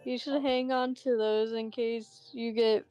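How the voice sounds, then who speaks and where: A woman reading out the lines of a friendly small-town young woman in a game, speaking in a slow, gentle, neighborly way. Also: on the high side, steady tone, lo-fi sound, faint music behind, lightly acted. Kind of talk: reading game dialogue aloud.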